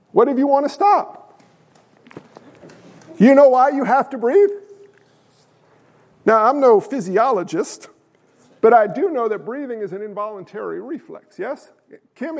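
Male pastor preaching, very high voice, rhetorical questions, winded, loud then quiet. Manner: swings from quiet asides to shouted emphasis. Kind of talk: sermon. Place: church sanctuary.

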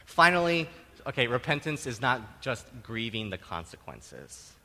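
A middle-aged man preaching a sermon, conversational and animated, tossing in tag questions and acting out quotes with sudden loud bursts. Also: mid-range voice, unhurried, long reverb tail. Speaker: pastor.

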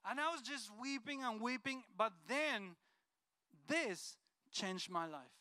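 A man's voice: very high-pitched, expressive, slow pace, pushed and bright, clean tone, no room sound. A man from Colombia, giving a heartfelt personal testimony in an earnest storytelling way. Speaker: speaker sharing a personal testimony. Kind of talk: emotional personal testimony talk.

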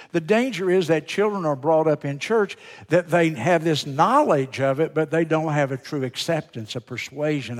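A man preaching a sermon, telling folksy stories and swinging from loud to hushed. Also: on the high side. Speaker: pastor. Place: large church sanctuary. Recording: long church reverb.

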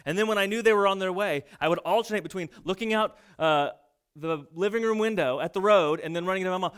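A man's voice: high voice, fast, fairly bright tone, clear, resonant tone. A man in his thirties preaching a sermon, telling family stories and acting out the voices of his kids and parents. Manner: storytelling, acts out quoted family voices. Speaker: pastor.

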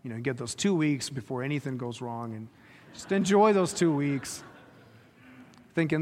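A man's voice: on the high side, expressive, moderate pace, darkish tone. A man preaching a sermon, retelling a story and pressing his listeners with rhetorical questions. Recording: reverberant hall.

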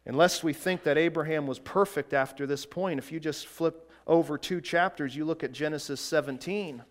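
A man preaching a sermon in a deliberate way, swinging between loud emphasis and quiet, hushed lines. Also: fairly high pitch.

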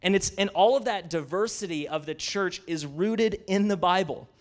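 A man's voice: high voice, moderate pace. A man preaching a sermon in a conversational, enthusiastic way, addressing the listeners as y'all.

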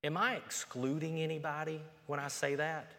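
A man preaching a sermon, moving from plain conversational talk to loud, emphatic peaks. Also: fairly high pitch, fairly even intonation, moderate pace. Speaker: pastor. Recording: long reverb of a hall.

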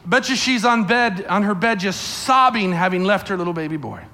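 In a church sanctuary, a male pastor gives a lively sermon to a family congregation, acting out voices as he tells the story and putting questions to the kids. His bright, forceful voice sits a bit high for a man and moves at a normal speed.

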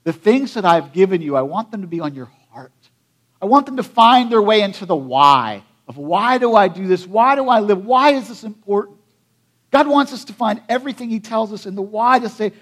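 A man's voice: high-pitched, animated, moderate pace. A middle-aged man preaching a sermon in a loose, conversational way, with frequent asides and rhetorical questions. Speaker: pastor.

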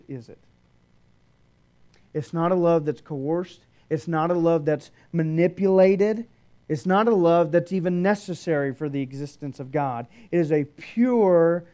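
Emphatic preaching man, mellow voice. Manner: emphatic preaching, swinging between raised declarations and hushed low passages. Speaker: pastor. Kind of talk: sermon.

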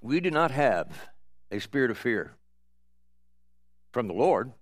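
Pastor guy wrapping up, calm and steady, mid voice, dry close sound. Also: mid-range voice, no echo. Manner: calm, measured exhortation to the congregation. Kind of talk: sermon.

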